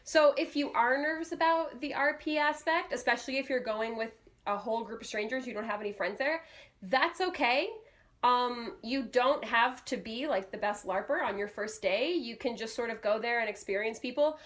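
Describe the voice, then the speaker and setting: A woman's voice: on the high side, moderate pace, a bit bright. A young adult woman co-hosting a podcast, giving chatty advice with plenty of fillers. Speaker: podcast co-host. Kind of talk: casual podcast chat.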